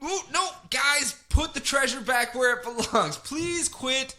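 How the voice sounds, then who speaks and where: A man voicing a chummy male sea king who is flustered by the sea creatures around him, in a high, excited voice. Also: measured pace, faint music behind, heavily acted. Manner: high excited bro-talk.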